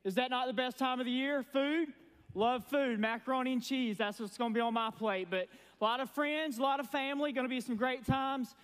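A man preaching a sermon as pastor, folksy and energetic with sarcastic asides. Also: very high-pitched, a little fast, clear, resonant tone. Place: church sanctuary. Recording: long reverb from a church hall.

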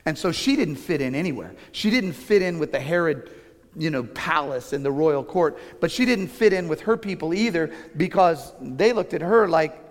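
Animated man preaching in a reverberant hall. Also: fairly high pitch, moderate pace. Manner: animated, self-deprecating humor. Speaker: pastor. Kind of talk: sermon with personal anecdotes. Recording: long reverb of a large hall.

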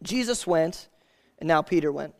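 A man preaching a sermon in a casual, conversational way, calling listeners "man" and "guys" and reading scripture aloud slowly. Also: on the high side, lively intonation, vocal fry.

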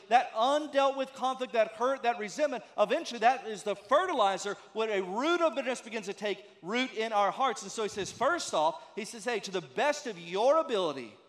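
A pastor with a very high-pitched, slightly bright voice preaches a sermon, conversational yet emphatic and packed with rhetorical questions. The long reverb of a large hall surrounds him.

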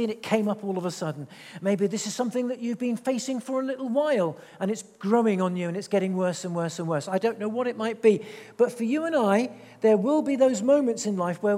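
A man preaching a sermon, reading scripture aloud and slowing down to stress key words. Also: high-pitched, darkish tone, big-room sound. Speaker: pastor. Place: church hall.

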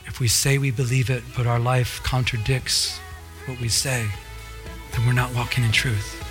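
A man's voice: mid-range voice, level tone, moderate pace, a bit bright, faint music behind. A male pastor preaching a sermon with fervor, repeating phrases for emphasis.

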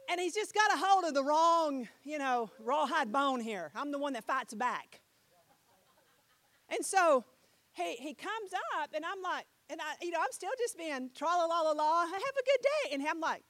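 A middle-aged woman preaching a sermon, telling a story with animated swings between loud and soft and putting questions to her listeners. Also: sits high, no echo. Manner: talks with the audience, asks them questions.

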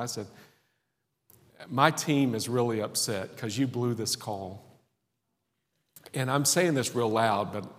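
Folksy preacher in a reverberant hall. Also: male voice, mid-range voice. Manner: earnest, folksy, pauses between phrases, laughs at himself. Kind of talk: sermon.

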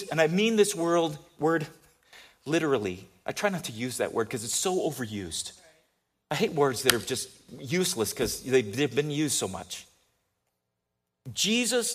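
High-voiced male pastor preaching animatedly. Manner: animated storytelling, swings from loud to hushed. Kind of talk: sermon.

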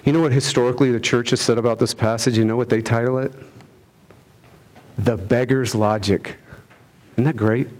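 A man delivers a sermon in a mid-range voice. He presses his points with rhetorical questions. He rises to loud emphasis and then drops to hushed lines. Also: mid-range voice, steady tone, moderate pace, long pauses. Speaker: pastor.

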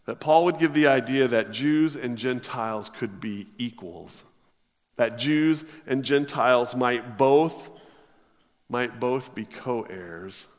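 A man preaching a sermon, reading scripture aloud and then expounding on it with emphatic, drawn-out stresses. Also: mid-range voice, big-room sound.

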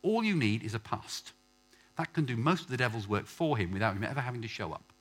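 A male pastor preaching a sermon, swinging from quiet asides to loud, emphatic lines and calling out questions to the congregation. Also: mid-range voice, animated, quick pace. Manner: calls out questions for the congregation to answer.

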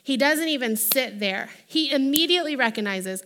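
A woman delivers a sermon in a high, bright voice. She is animated and lively, and she slips into playful quoted voices to act out her points. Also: normal speed. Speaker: preacher.

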